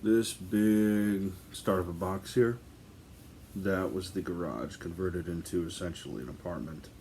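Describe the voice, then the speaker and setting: Man, deep voice, slow delivery; casual first-person ghost storyteller, loose and rambling. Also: a little mellow, slight background noise. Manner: rambling, filler-heavy, conversational.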